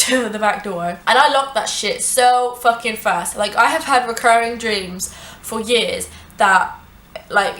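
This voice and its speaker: A young woman telling a storytime vlog, animated and sweary, with many "like" fillers. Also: a little high. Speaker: vlogger. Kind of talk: casual storytime narration. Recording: echoey room.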